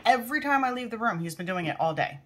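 Woman, casual home vlogger; exasperated, rambling, swears freely, very animated pitch. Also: fast. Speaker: beauty vlogger. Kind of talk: casual venting chat to camera. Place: at a home desk, indoors. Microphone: camera zoomed in at a desk.

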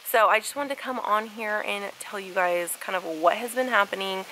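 A woman's voice: mid-range voice, normal speed, pushed and bright, rough recording. A young woman with a cold, chatting casually to her channel outdoors on a handheld camera. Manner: chatty and conversational. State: recovering from a cold, with a cough. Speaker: vlogger. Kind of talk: casual vlog chat. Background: faint outdoor ambience with wind.

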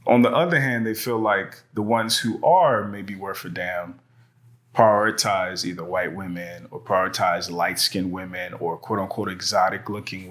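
A man's voice: sits low, a bit bright. A man hosting a casual conversational interview, laid-back and reassuring, speaking on a lapel mic in a studio. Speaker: podcast host. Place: indoor studio with white background.

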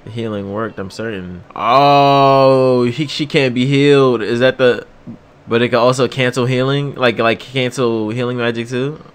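A young man hosting an anime reaction, reacting in excitable, slangy banter and laughing often. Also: medium pitch, a little slow, clear, resonant tone. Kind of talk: casual reaction commentary.

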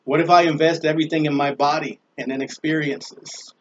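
A man's voice: fairly high pitch, fairly even intonation, brisk. A man hosting his own vlog, ranting casually in a loose, profane, laughing way. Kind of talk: casual rambling rant. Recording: dull lo-fi with faint noise.

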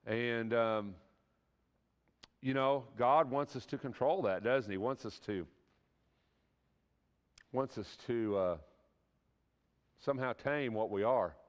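A man's voice: medium pitch, takes it slowly, pauses often, smooth. Man, conversational sermon, folksy and earnest, rhetorical questions, echoing church hall. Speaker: preacher teaching a church class.

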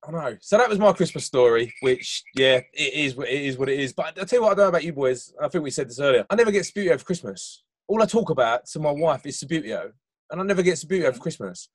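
A man hosts a podcast chat over a video call, talking quickly in an animated, self-mocking way. His voice sits a little high for a man. The sound is dry and close, with no room around it. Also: no echo. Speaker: podcast host.

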